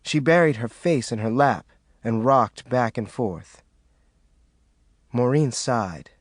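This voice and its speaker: Expressive male audiobook narrator. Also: medium pitch, slow, pauses often, dry recording, studio quality. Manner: expressive reading. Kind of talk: scripted narration.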